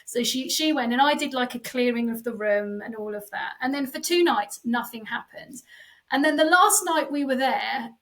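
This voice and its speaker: A woman psychic medium telling a spooky personal story in a casual podcast chat, animated and full of fillers, acting out the voices she quotes. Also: high-pitched, moderate pace, recorded from a distance, rough recording.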